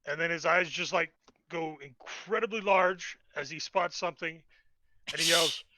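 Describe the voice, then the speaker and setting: High-voiced man narrating his character. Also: moderate pace, pushed and bright. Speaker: player. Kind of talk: tabletop game play.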